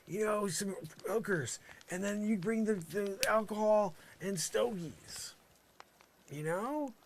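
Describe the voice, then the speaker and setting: A man delivering an improvised comic monologue in a rambling, mock-earnest way, full of "you know" fillers, swinging between loud outbursts and muttered asides. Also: fairly high pitch, slight background noise. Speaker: comedy vlogger.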